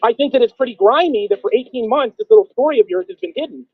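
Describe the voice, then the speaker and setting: A man hosting a call-in stream, grilling a caller with sarcastic, accusing rapid-fire questions. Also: very high voice, expressive, husky, no room sound, narrow, tinny audio. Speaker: stream host. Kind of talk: heated confrontational call-in argument.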